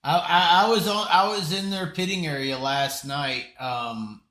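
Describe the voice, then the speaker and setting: A man co-hosting a live talk show, chiming in with quick, wry remarks. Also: on the high side, steady tone, sharp tone, echoey room. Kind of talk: casual talk-show chat.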